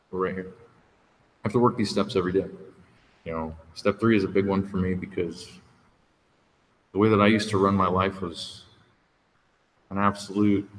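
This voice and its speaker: A man shares his story from a podium at a recovery meeting, frank and conversational, with a somewhat low voice. His words ring out with a long room reverb, over a faint hum of background noise. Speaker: speaker sharing at a recovery meeting. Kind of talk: candid personal testimony.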